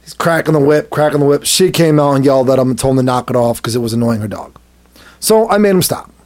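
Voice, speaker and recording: A man telling a story in casual chat, animated and laughing often as he acts out what people said. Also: medium pitch, fast talker. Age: adult, has a son. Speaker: podcast co-host telling a story.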